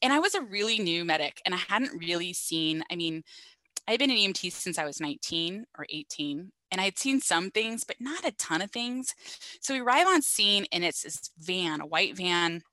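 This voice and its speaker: Lively woman telling a wild story. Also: lowish voice, moderate pace, dry recording, low-quality recording. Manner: animated, swears freely, laughs through the story. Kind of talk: casual storytelling chat.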